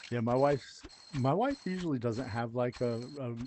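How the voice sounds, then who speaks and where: A man's voice: mid-range voice, lively intonation, moderate pace, background noise. A middle-aged man hosting a stream, chatting casually and laughing often while he teases. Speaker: streamer host. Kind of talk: casual chat while gaming.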